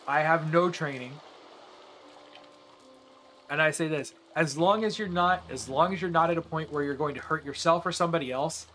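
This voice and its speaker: A male streamer chats with his live viewers while gaming, earnest and somewhat rambling, frequently restarting sentences. His voice is fairly high for a man with a sharp tone, and a faint ambient hum stays underneath.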